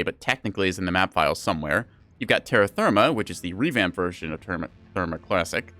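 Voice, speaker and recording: Male streamer, lower voice, animated and rambling, self-deprecating banter with chat, dry sound. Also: no echo. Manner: rambling, playful and self-mocking, talks to chat. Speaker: game streamer. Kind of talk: casual live gameplay commentary.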